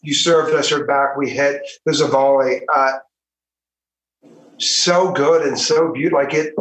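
A man's voice: fairly high pitch, steady tone, a bit bright. Heartfelt man, roomy and distant sound. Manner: halting and heartfelt, many restarts. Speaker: actor guest. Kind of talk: casual podcast chat. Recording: roomy, from the mic.

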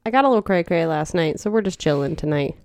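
A woman's voice: fairly low pitch, fast, no room sound. A young woman co-hosting a podcast in casual chat, telling stories and laughing often. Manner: animated storyteller, laughing often. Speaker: podcast co-host.

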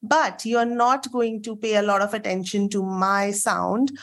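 A woman hosting a podcast interview, her voice nasal and croaky from a sore throat, bubbly and quick to laugh. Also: mid-range voice, steady tone. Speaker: podcast host. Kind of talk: casual interview chat.

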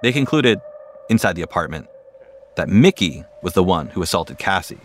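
A man narrating a podcast story in a measured, wry, scripted way. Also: sits low, big pitch swings, a little hiss or hum.

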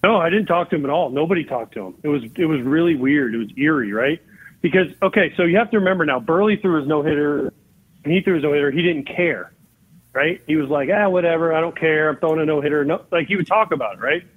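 A man's voice: a little high, fast, slightly rough. Man telling stories over a tinny phone line. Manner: animated, acts out both sides of remembered dialogue. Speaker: guest, former baseball catcher. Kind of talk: storytelling in a podcast interview. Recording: phone-like narrow-band line.

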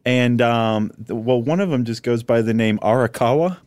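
A male podcast co-host with a mid-range voice, talking in a relaxed and teasing way with lots of fillers. The sound is dry and close. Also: mid-range voice, moderate pace, no echo. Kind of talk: casual chat.

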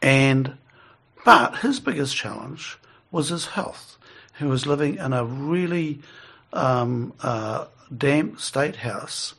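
A man's voice: medium pitch, expressive, takes it slowly, gravelly, a bit bright, husky. A middle-aged man, telling a rambling story in casual conversation and chuckling as he goes.

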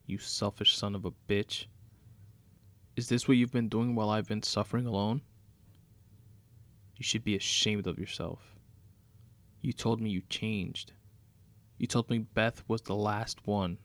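A cold, taunting woman, as a male narrator puts her on lays out her revenge in sarcastic, mocking tones. The voice sits low with a gravelly grain, recorded close and dry with no room sound. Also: fairly even intonation, measured pace, long pauses, fairly bright tone, no echo.

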